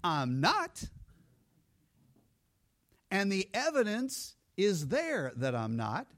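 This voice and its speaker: A male pastor preaching with a high voice that swings widely up and down. He plays out the voices of the people in his story as he goes. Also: very slow. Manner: animated, acts out voices of people he quotes. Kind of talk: sermon.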